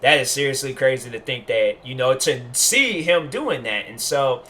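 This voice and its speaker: A man's voice: mid-range voice, animated, normal speed, sharp tone. A young man hosting a solo podcast, rambling with heat and lots of repeated fillers as he comments. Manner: rambling, heated, repeats "bruh" and "I'm like". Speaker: podcast host.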